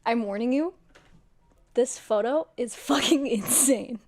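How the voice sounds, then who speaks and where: A young woman streamer telling a story to her viewers in a casual, excitable way, swearing a lot. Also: a little high, a little slow.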